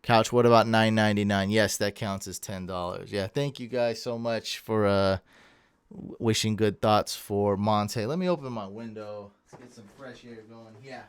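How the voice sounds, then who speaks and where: A man's voice: on the low side, fairly even intonation, normal speed, clean tone, no room sound. A tired man hosting a casual livestream, chatting loosely, thanking viewers and stumbling over their names. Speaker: livestream host. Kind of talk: casual livestream chat reading viewer comments. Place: home room.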